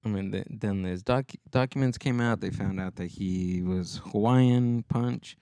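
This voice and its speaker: A man's voice: on the low side, measured pace, warm tone, clear, resonant tone, dry recording, studio quality. A man co-hosting a comedy podcast, chatting casually and rambling with many restarts and trailing-off sentences. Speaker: podcast co-host.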